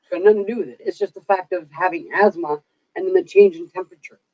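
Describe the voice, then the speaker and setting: A lowish female voice comes at a quick pace as she vents on her vlog, swearing liberally in a chatty rant. The sound is dry, dull, and lo-fi.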